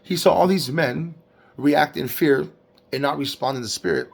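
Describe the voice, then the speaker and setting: A man giving a casual devotional Bible recap, preaching with lively slang and acting out quotes. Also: a little high, normal speed, gravelly. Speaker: Bible teacher.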